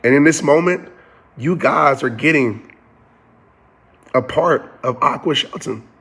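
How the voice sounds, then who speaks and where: Husky and a bit bright, his medium-pitched voice keeps a measured pace. Calling his audience "y'all," the motivational speaker builds an earnest, preacher-like rhythm of repeated phrases while getting emotional.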